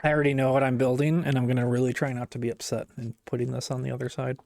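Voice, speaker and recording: A man's voice: mid-range voice, level tone, very fast, creaky, a little mellow, dry recording, clean studio sound. A man live-streaming as he builds a model set, talking casually and muttering to himself, often swearing and breaking off mid-sentence. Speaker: livestreamer.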